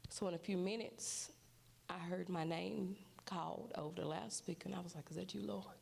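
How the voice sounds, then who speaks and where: A woman's voice: on the low side, fairly even intonation, moderate pace, vocal fry, darkish tone, slight background noise. A mother giving an emotional testimony at a church service, acting out what others said to her. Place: church sanctuary.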